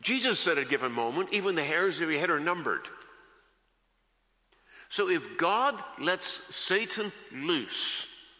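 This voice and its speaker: A pastor preaching a sermon, slow and emphatic, repeating key phrases for weight. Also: male voice, fairly high pitch, very animated, sharp tone. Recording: long reverb of a large hall.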